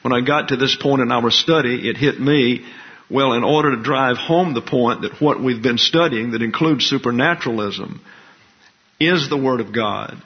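A man who teaches a Bible class as pastor, explaining Greek terms slowly and deliberately. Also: medium pitch. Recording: dull lo-fi recording.

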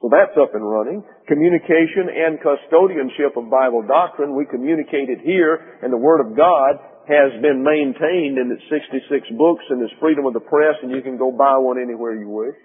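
A man preaching a sermon as pastor, emphatic, slowing down to stress key words. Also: mid-range voice, husky. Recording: tinny phone-like sermon recording in a long-reverb hall.

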